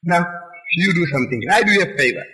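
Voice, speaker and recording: A man's voice: a little high, lively intonation, fast, pushed and bright, rough recording. A man giving an impassioned religious lecture, emphatic and rhetorical, pressing his listeners with questions.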